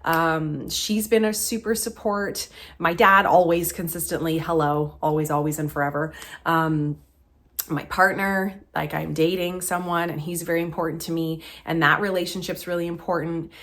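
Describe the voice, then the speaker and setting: A woman's voice: on the low side, fairly even intonation, moderate pace, a bit bright. A woman in her thirties chatting to camera as a vlogger, heartfelt and close to tears, with many fillers. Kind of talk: casual chat to camera.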